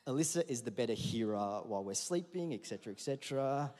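A man preaching a sermon in a church hall, conversational and then rising to loud emphatic peaks. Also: mid-range voice, expressive, quick pace. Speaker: pastor. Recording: hall reverb.

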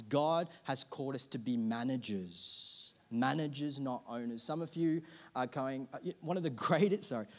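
A young adult male pastor preaching a sermon in a church, driving his points home by repeating key phrases with rising force. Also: medium pitch. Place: church auditorium.

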